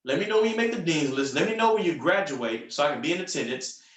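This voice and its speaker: Upbeat male sales coach, high voice, punchy delivery with lots of repetition, recorded off-mic in a roomy space. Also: lively intonation, fast, recorded from a distance. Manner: upbeat, punchy, repeats phrases for emphasis. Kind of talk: motivational coaching on a group call.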